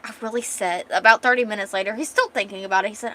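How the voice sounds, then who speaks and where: Chatty woman streamer with a bright voice. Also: mid-range voice, fairly even intonation, quick pace, a little hiss or hum. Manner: chatty, retelling with many fillers and restarts. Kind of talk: casual chat while reading a comic aloud.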